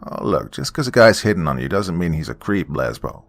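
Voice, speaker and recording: A man puts on a young woman's voice, a friend who laughs at her own jokes and mocks without mercy. The voice sits low and mellow, with the teasing carried more by her words than by any change of pitch. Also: sing-song, a little fast, vocal fry, soft background music, exaggerated voice. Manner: mocking, laughing.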